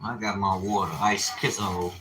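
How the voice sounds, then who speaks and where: A man preaching and ranting informally, animated and profane, with sudden bursts of shouting. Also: fairly low pitch, moderate pace, reverberant. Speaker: religious teacher. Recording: noisy ambient background.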